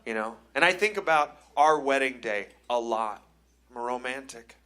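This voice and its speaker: A man from Cleveland, Ohio, doing a live stand-up set on a comedy club stage, telling wry, self-deprecating stories that build into excited rants. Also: medium pitch, normal speed. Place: comedy club stage before a laughing audience.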